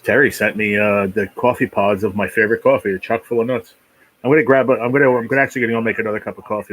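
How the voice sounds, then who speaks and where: A man's voice: fairly low pitch, a bit bright, breathy edge, low-quality recording. A man hosting a casual live stream, rambling easily and chatting while he eats. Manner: rambling, easygoing, talks while eating. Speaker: livestream host.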